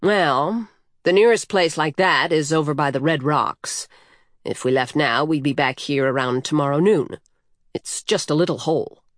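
A woman's voice: low voice, normal speed, no room sound, studio quality, lightly acted. A woman reading the part of a proud, cheerful young male horse who speaks easily and teases. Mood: matter-of-fact. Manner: easygoing, teasing.

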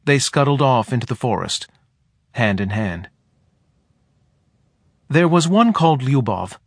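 A man reading a novel aloud as narrator, measured and expressive. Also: mid-range voice, dry recording, clean studio sound. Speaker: audiobook narrator. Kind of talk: scripted narration.

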